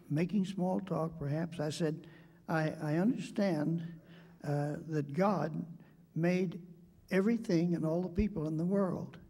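Older male debater, husky and slightly high-pitched, measured storyteller with many pauses. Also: mellow, in a large hall. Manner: measured, hesitant, with frequent pauses and fillers. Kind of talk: debate speech with personal storytelling.

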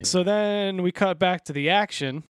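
A man co-hosting a casual comic book podcast, talking in a lively, laughing way and acting out the characters' lines. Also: sits high, unhurried, smooth, no echo, studio quality. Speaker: podcast co-host.

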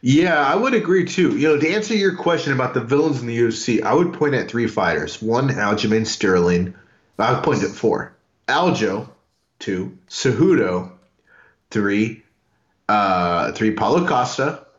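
A man co-hosting a casual podcast about fights, speaking at a middle pitch in a relaxed, conversational way. He stops on small fillers while he sorts his thoughts. The audio is a little dull and lo-fi. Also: normal speed, roomy sound. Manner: conversational, fillers when thinking. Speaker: podcast co-host. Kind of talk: casual MMA podcast chat.

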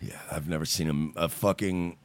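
A man's voice: a bass voice, steady tone, moderate pace. A man ranting casually on a talk show, sarcastic and profane, often mocking people in put-on voices. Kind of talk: casual podcast rant.

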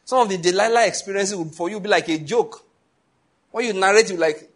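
A man's voice: sits high, fairly quick. A man preaching a sermon, telling stories and acting out the dialogue with a laugh. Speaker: pastor.

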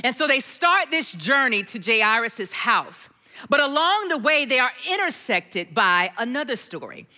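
A woman's voice: a little high, big pitch swings, measured pace, bright, forceful tone. A middle-aged woman preaching a sermon, telling a personal story and acting out the voices of the people in it.

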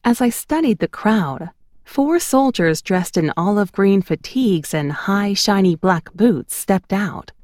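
A woman narrating her memoir in an expressive, storytelling cadence on a close studio mic. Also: mid-range voice, unhurried, no echo.

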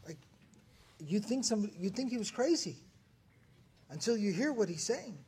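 A man's voice: high-pitched, very animated, normal speed, dark tone, a little hiss or hum. A man co-presenting a religious story, painting the scene vividly and reciting classical lines. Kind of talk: casual storytelling lesson.

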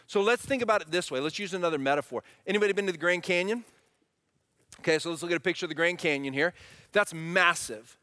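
Bright-voiced preacher in a reverberant hall. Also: male voice, high-pitched, fast talker. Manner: animated preaching, asks the congregation questions. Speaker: pastor. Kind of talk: sermon.

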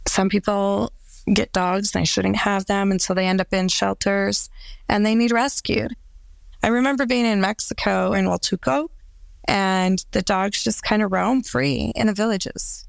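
Brief: woman, strong vocal fry, reflective essay read thoughtfully, dry close sound. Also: mid-range voice, fairly even intonation, no echo. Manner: thoughtful, measured.

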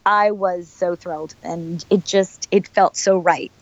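A woman's voice: fairly low pitch, steady tone, a little slow, no echo, lo-fi sound. A middle-aged woman, an actress being interviewed, chatting in a bubbly, rambling way and laughing often. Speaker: actress guest. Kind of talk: casual interview chat.

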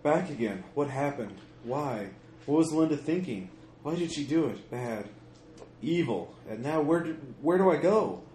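A man's voice: fairly high pitch, lively intonation, measured pace, a little mellow, pitched above the performer's own voice. A man reading aloud a note in the voice of a grief-mad middle-aged father, haunted and guilty, in broken, fragmented phrases. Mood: distraught. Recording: echoey room with faint noise.

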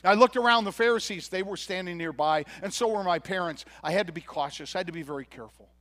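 A high-voiced, earnest grown man who was blind and has been healed, as a pastor plays him. He tells his story in a first-person sermon monologue, grateful and sincere, and acts out the other people's lines as he goes. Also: fast talker, a bit bright. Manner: earnest storytelling with quoted dialogue.

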